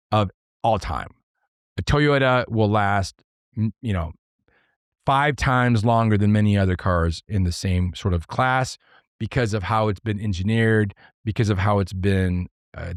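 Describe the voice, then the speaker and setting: A man hosting a podcast on his own, explaining leadership ideas step by step in numbered points, earnest and sometimes excitable. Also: on the low side, no echo, studio quality. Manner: excitable at times. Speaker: podcast host. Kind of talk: solo podcast talk on leadership.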